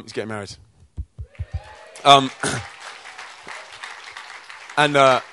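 A British man preaching to young people, telling stories from his own life in a chatty, energetic way. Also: mid-range voice, no room sound. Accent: British English. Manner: energetic, chatty storyteller who acts out quotes. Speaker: speaker at a youth church event. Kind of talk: testimony-style preaching with stories.

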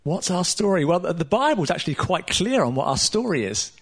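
A man preaching a sermon to a room of listeners, earnest and emphatic, with casual asides and pauses. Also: high voice, very animated, breathy edge. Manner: casual asides with light laughter. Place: room with a live audience.

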